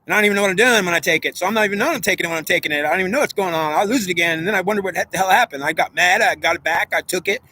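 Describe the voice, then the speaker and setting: In an unscripted guided visualization, a man with a high, sharp voice talks rapid-fire with few pauses. He rambles in a stream of consciousness, arguing back and forth with himself.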